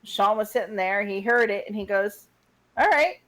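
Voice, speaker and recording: A woman in her forties co-hosting a radio talk show, telling a story in brisk, casual chat. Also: medium pitch, flat delivery, a bit bright, low-quality recording. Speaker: radio co-host.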